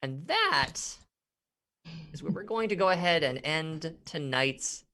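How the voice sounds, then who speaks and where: A man's voice: on the high side, animated, slow pace, bright, forceful tone. A man narrating as game master of a tabletop game, rambling with many fillers and frequent laughs.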